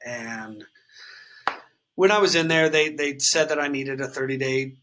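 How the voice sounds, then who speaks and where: A man's voice: medium pitch, measured pace, pushed and bright, low-quality recording. Candid man telling a raw story. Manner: raw, unfiltered, swears freely, many fillers like "like" and "um". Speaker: guest sharing his recovery story.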